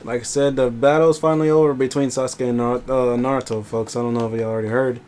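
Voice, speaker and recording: Young man, co-host, blunt teasing banter, middle pitch, faint background noise. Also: steady tone, fast talker, darkish tone. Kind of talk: casual gameplay commentary.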